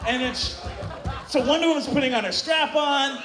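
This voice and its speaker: A man telling a bawdy story live on stage to an audience, animated and shouting out quoted moans. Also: very high-pitched, normal speed, over music. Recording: distant, roomy live recording with crowd noise.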